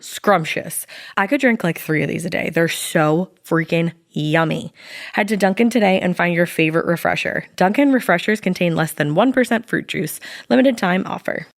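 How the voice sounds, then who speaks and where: A woman's voice: lowish voice, vocal fry, no echo, clean studio sound. A woman co-hosting a podcast in casual, bubbly chat and host-read ads. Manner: bubbly, chatty, playful.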